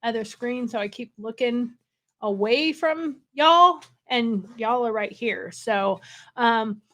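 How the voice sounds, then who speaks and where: A chatty woman with a drawl talks casually to her livestream viewers from a hotel room. Her voice sits a little high, and she rambles on in a wired, excited way. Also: takes it slowly. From California. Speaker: livestream host.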